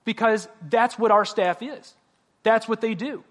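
A man's voice: high voice, unhurried. A man pastor preaching a sermon in a conversational way, joking and asking the congregation direct questions.

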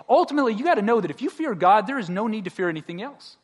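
A man with a fairly high-pitched voice preaches a sermon in a loose, conversational way. He mixes jokes and everyday asides into his points and puts direct questions to the congregation. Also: expressive, racing, few pauses. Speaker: pastor.

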